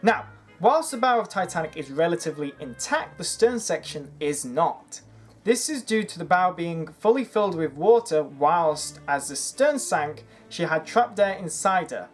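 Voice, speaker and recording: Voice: mid-range voice, lively intonation, normal speed, faint music behind. A channel host reading a scripted history narration, earnestly building an argument point by point. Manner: earnest, argumentative, making a case. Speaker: history video creator.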